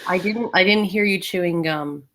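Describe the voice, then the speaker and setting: A woman's voice: lowish voice, moderate pace, a bit bright. A woman co-hosting a podcast, making emphatic points in casual commentary. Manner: emphatic, lists examples. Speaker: podcast co-host.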